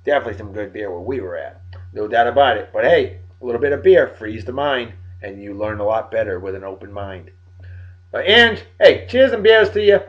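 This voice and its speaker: A tired man giving joking, animated shout-outs to friends in a casual vlog. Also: on the low side, a little fast. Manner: animated, joking sports banter. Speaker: vlog host. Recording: dull lo-fi recording.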